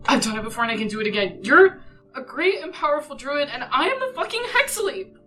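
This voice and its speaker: A woman's voice: high-pitched, very animated, fast talker, sharp tone, soft background music, voice pushed up, full character voice. A woman playing a young heroine who desperately pleads to bring back a dying friend. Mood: defiant. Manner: pleading, frantic, breaking voice. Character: young woman hero, desperate, refuses to give up.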